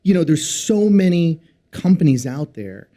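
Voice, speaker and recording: On a business podcast, a founder talks through ideas earnestly in a relaxed interview, filling his speech with lots of fillers. His voice is a little high and dark in tone, sing-song in rhythm and unhurried.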